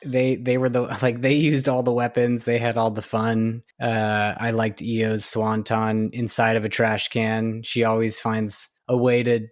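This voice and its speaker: A man co-hosting a podcast in casual chat, talking in a relaxed way full of "like" and "you know". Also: lowish voice, unhurried, few pauses, no room sound, studio quality. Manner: relaxed, filler-heavy talk with frequent likes. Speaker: podcast co-host.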